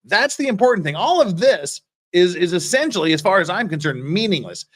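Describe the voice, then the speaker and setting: A man with a fairly high voice hosts a loose livestream, reading out viewer comments and answering them bluntly. He swears freely and rambles, restarting his sentences as he goes. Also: sing-song, a little fast, a bit bright. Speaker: legal commentary livestream host.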